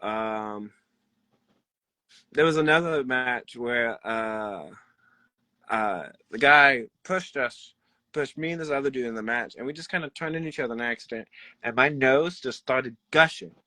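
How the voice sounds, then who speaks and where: A young man, a wrestler, telling backstage stories in a rambling, animated way and laughing often. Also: mid-range voice, measured pace, no echo. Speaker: pro wrestler guest. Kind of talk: casual interview storytelling.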